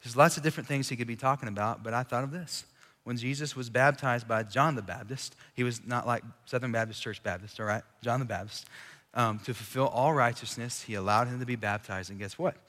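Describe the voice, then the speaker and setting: A man with a medium-pitched, fairly bright voice preaches a little fast to a live audience in a large room. His sermon is casual and conversational, with jokes for the crowd, all under the long reverb of a large hall.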